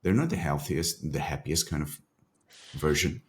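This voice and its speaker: A man's voice: very deep voice, moderate pace. A man hosting a podcast, asking thoughtful, long-winded questions. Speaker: podcast host. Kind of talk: interview questions.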